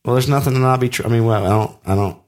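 A man's voice: medium pitch, racing. A middle-aged man co-hosting a podcast, teasing his friend in crude, profane casual chat and rambling with frequent restarts. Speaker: podcast co-host.

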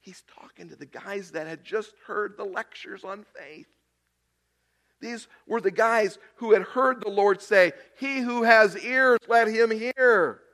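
A man preaching a sermon, swinging between loud emphasis and hushed, quiet lines with long deliberate pauses. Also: high voice. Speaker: pastor.

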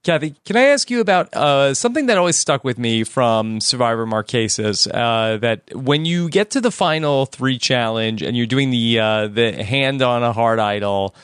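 A man's voice: medium pitch, lively intonation, moderate pace, few pauses, fairly bright tone, clear, resonant tone, no echo, studio quality. A man hosting a podcast, asking attentive, thoughtful interview questions. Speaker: podcast host.

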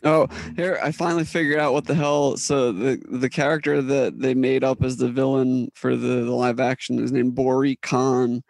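A man's voice: medium pitch, level tone, moderate pace, creaky, few pauses, a little mellow, dry recording. A man co-hosting a podcast in casual chat, blunt and swearing, laughing between points.

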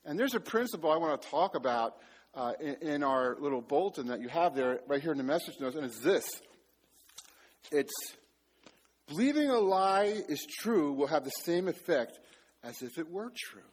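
A man's voice: a little high, animated, moderate pace, slight background noise. A middle-aged man preaching a sermon, telling a story with self-mocking humor. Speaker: pastor.

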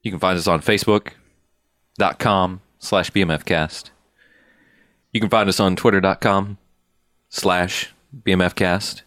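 A man co-hosting a podcast, reading the show's contact details in an over-the-top pitchman delivery. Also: steady tone, unhurried, long pauses, a bit bright, dry recording, clean studio sound. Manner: mock-grandiose pitchman delivery for plugs. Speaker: podcast co-host. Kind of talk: casual chat.

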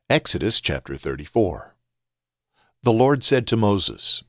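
A man reading Bible passages aloud in a measured, even manner. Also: fairly low pitch, dry recording, clean studio sound. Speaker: scripture reader.

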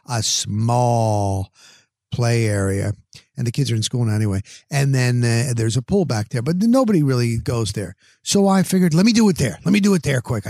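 Male podcast host, casual monologue, exasperated and animated, recorded outdoors on a patio, dry. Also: medium pitch, dry recording. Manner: rambling, exasperated, animated retelling. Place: home back patio, outdoors.

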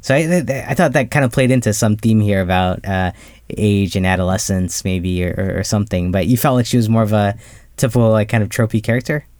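A man with a fairly low voice talks over a film on a podcast. He sounds hesitant and keeps restarting his sentences. The recording is dry and close. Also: brisk, a little mellow, dry recording. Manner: hesitant, many fillers and restarts, laughs easily. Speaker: podcast co-host. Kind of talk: casual film discussion.

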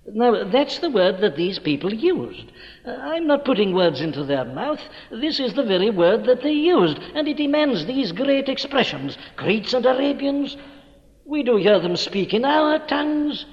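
A man's voice: sits high, very animated, moderate pace. A man preaching an evening sermon in an emphatic, declamatory way, hammering words with rising stress. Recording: dull old recording with long hall reverb.

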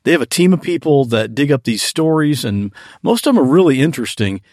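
A man leaving a voice message for a podcast host, with a lively voice that rises and falls a lot. He tells his story at mid pitch, recorded dry and close. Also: fairly quick, no room sound. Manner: animated storytelling. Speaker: podcast guest caller.

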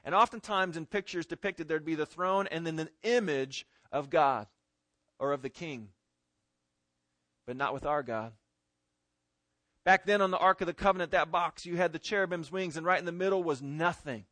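A pastor preaching a sermon and reading scripture, swinging between loud emphatic stress and hushed pleading. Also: male voice, on the high side, moderate pace, dry recording.

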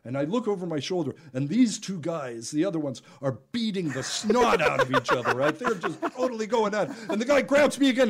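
A man's voice: high voice, big pitch swings, normal speed, few pauses. A man who is a juggler and podcast guest, telling a story in casual conversation with lots of laughter, fillers and restarts.

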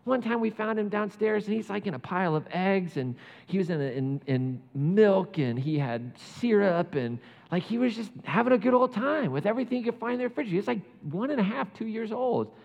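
Animated man preaching in an echoey hall. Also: sits high, fairly quick, vocal fry, few pauses, lo-fi sound. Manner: animated storytelling, acts out biblical characters. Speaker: pastor. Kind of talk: sermon.

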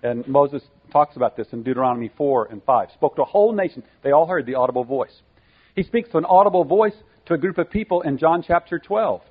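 A man's voice: medium pitch, breathy edge. A man preaching a sermon, teaching earnestly and driving points home by repeating them. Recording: tinny phone-like sound.

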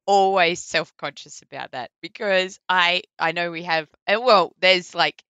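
A woman with an Australian accent, a voice actor chatting casually in an interview, full of likes and ums and quick laughs. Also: lowish voice, fairly even intonation, bright, forceful tone, clear, resonant tone, no room sound, lo-fi sound. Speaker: voice actor guest.

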